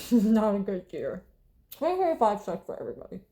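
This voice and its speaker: A twenty-one-year-old vlogger from the Southern United States talks casually while eating, blunt and swearing freely, with bursts of laughter and sighs. Her mid-range voice is warm, swings hugely in pitch and moves at a normal speed.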